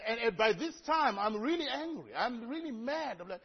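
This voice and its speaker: A man from Africa delivers a sermon in a church, spinning lively stories and humorous asides. His voice sits very high for a man and has a husky grain. The recording sounds dull and lo-fi. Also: normal speed, few pauses. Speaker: preacher. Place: church before a congregation.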